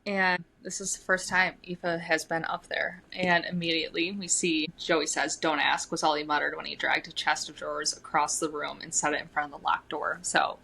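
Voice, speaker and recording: A young woman on a book podcast whose voice sits on the low side but rings bright and forward. She reads passages aloud and then breaks off to comment on them in a lively, casual way. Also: normal speed, vocal fry, few pauses, rough recording. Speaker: podcast co-host.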